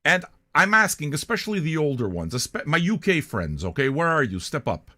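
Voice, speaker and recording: A man's voice: a little high, big pitch swings, moderate pace, sharp tone. An older man from Canada, hosting a music reaction show in a blunt, profane, rambling monologue.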